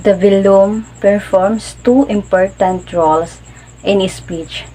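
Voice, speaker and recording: A woman's voice: mid-range voice, steady tone, slow, warm tone, slight background noise, rough recording. A woman continuing a classroom lecture, reading definitions plainly. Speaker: student teacher.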